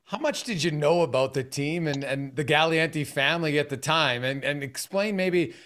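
Higher-voiced male podcast host. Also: moderate pace, a bit bright. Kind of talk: casual interview questions.

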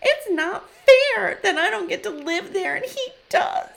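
A woman's voice: very animated, a little slow, fairly bright tone, heavily acted. A woman mimicking a whiny, tearful young woman. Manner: whiny, teary, high-pitched mimicry.

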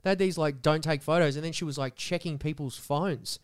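A man hosting a podcast, telling a story in casual chat with lively, swearing delivery. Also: fairly high pitch, quick pace, clean tone, no room sound, studio quality. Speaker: podcast host.

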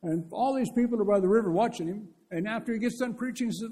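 Male preacher, higher register, husky, earnest lively storyteller. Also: fast, few pauses. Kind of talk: conversational sermon.

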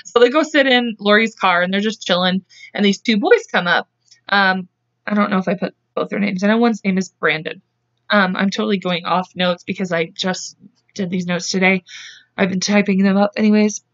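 A woman's voice: medium pitch, normal speed, a bit bright, highs cut off. A young woman co-hosting a podcast, casually retelling a crime case in a chatty way and acting out the quotes. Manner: chatty, acts out quotes, laughs often. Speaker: podcast co-host. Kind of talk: casual true-crime storytelling.

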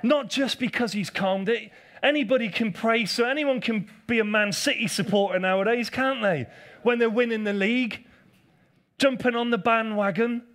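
A man's voice: very high voice, moderate pace, fairly bright tone. A male pastor preaching a live sermon to a congregation in a church. He repeats key phrases for emphasis, asks for responses and teases people in the pews. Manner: addresses the congregation directly, calls for responses and teases members.

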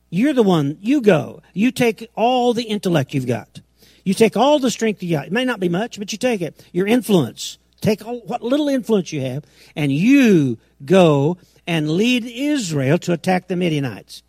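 A middle-aged man delivers an emphatic sermon in a somewhat high, gravelly voice. He swings between quiet, slow asides and loud, ringing declarations, acting out the quotes he reads. The sound is close and dry, with no room around it. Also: lively intonation, no echo. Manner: emphatic, dramatic swings in pitch and loudness, acts out quotes. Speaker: preacher.

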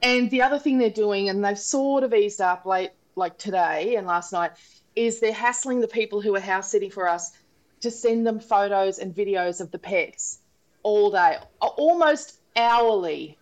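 A woman's voice: mid-range voice, normal speed, poor audio. A middle-aged Australian woman co-hosting a casual chat podcast, telling holiday stories with acted-out voices and frequent laughs. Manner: animated storyteller, acts out voices, laughs often. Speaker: podcast co-host. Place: holiday abode abroad.

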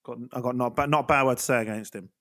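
A man's voice: medium pitch, fairly even intonation, very fast, fairly bright tone, no echo, clean studio sound. A man co-hosting a football podcast, joking and bantering playfully. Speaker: podcast co-host. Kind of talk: casual football podcast chat.

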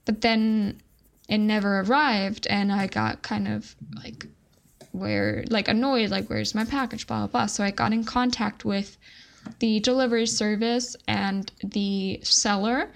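A woman's voice: mid-range voice, steady tone, a little slow, creaky. A young adult woman co-hosting a podcast, telling a story in casual chat and filling her speech with "like". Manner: chatty, fills speech with "like". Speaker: podcast co-host.

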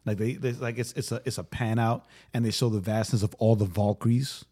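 Co-hosting a podcast, this man tells stories excitedly in casual conversation, sprinkling in "like" and "right?" constantly. His voice sits lowish, moves fairly fast, and carries a breathy edge.

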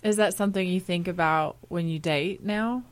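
A woman interviewer asking questions in a calm, measured way. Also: on the low side, no echo.

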